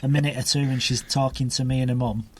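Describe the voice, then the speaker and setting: A man co-hosting a podcast, asking questions in a halting way. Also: medium pitch, steady tone, a little hiss or hum. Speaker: podcast co-host. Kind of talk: casual video-call chat.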